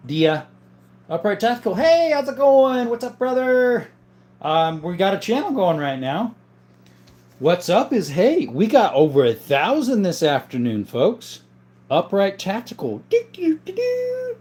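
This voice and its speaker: A man with a somewhat high voice hosts a casual livestream. He reads viewer questions aloud and answers in an easygoing way, with plenty of ums and uhs along the way. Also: a little mellow. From southern Arizona. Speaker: livestream host answering chat. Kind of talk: casual live-chat talk.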